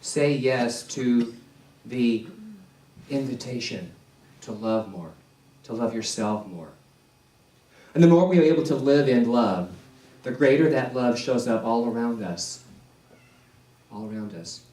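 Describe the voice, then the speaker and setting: A male minister preaching a sermon in a slow, deliberate way, repeating key phrases for emphasis. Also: medium pitch, lively intonation, mellow. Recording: echoey church hall, distant mic.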